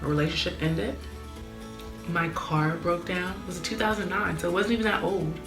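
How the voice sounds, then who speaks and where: A woman's voice: fairly low pitch, steady tone, normal speed, roomy sound, over music. A young woman sharing a personal faith testimony in a candid, earnest way, with lots of "like". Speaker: vlogger.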